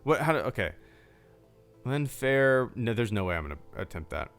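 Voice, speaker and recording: A man's voice: mid-range voice, big pitch swings, moderate pace, a bit bright, clear, resonant tone, faint music behind. A man hosting a casual livestream Q&A with supporters, chatty and rambling, full of restarts. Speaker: YouTube channel host.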